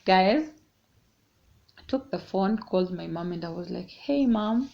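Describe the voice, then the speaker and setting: Mixing Swahili with English, a young vlogger recounts a story in a casual, animated way. She speaks a little slowly at medium pitch with vocal fry, and the recording sounds dull and lo-fi.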